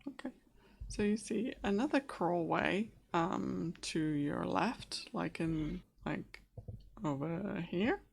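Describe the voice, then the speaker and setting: A woman narrates a tabletop game as its game master, pausing often and restarting her sentences. Her voice sits a little low with a gravelly edge, and she takes her time. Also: animated. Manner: hesitant, many fillers and restarts.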